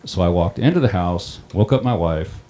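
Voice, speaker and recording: A middle-aged man who runs a town water system recounts a personal story in a plain-spoken, halting way. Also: sits low, lively intonation, warm tone, a little hiss or hum. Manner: plain-spoken, halting, many ums and restarts. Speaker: water district operator on a panel.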